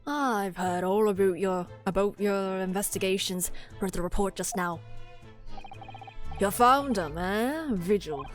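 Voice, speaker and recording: A woman's voice: mid-range voice, fairly even intonation, extremely slow, pauses often, darkish tone, soft background music. Woman putting on a shifty Scottish governor. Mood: evasive. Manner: folksy, evasive, drawls with local words. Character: gruff Scottish prison governor, older man, shifty.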